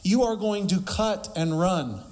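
A man's voice: high voice, animated, a little slow, a little mellow. A man preaching a sermon emphatically, asking rhetorical questions and quoting scripture.

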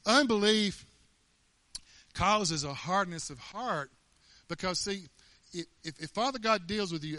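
A man preaches in a folksy, rhetorical style, stacking question after question and doubling back on his words. His voice is bright and a little high for a man. The sound is dry and close. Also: dry recording. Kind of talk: sermon.

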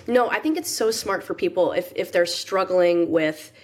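A woman's voice: lowish voice, normal speed. A woman interviewing a guest in a conversational way, enthusiastic and affirming.

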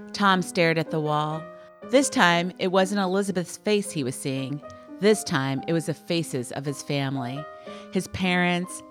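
A middle-aged woman co-hosting a comedy podcast, reading aloud dramatically and joking with lots of laughter. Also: on the low side. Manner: laughs often, playful, mock-dramatic. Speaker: podcast co-host.

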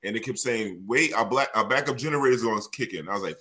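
Podcast co-host, New man, bright tone, animated and profane storyteller. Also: lowish voice, quick pace. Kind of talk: casual storytelling chat.

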